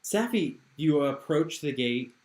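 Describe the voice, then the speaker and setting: A relaxed game master narrating a tabletop game and laughing along with the player. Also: mid-range voice, takes it slowly, roomy sound.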